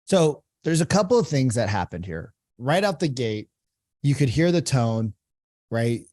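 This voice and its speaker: A man coaching real estate agents in a relaxed, conversational way, often repeating phrases. His tone is mellow and warm, and the recording is dry and close. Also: mid-range voice, measured pace, dry recording. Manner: conversational, repeats phrases, acts out call examples. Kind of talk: reaction commentary and coaching.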